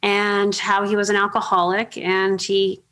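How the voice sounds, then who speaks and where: A middle-aged woman hosting an interview, telling chatty, animated anecdotes with many fillers. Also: medium pitch, measured pace, a little hiss or hum. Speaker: podcast host. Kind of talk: casual storytelling interview.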